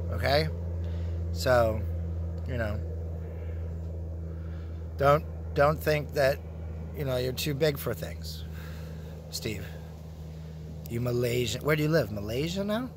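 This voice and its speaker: A man's voice: medium pitch, slow, pauses often, noisy background. A man vlogging casually from a park, joking, teasing and swearing freely as he rambles to his phone. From Canada. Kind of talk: casual rambling monologue to camera. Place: outdoor park.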